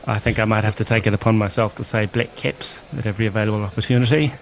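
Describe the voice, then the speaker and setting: A man's voice: fairly low pitch, steady tone, very fast, slight background noise, poor audio. A man co-commentating on cricket with dry, musing humour in a casual chat.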